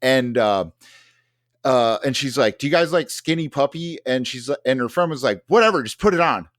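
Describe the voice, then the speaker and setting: A man's voice: medium pitch, normal speed, no echo, studio quality. A man telling a long story in casual podcast chat, rambling with many fillers and restarts. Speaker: podcast host.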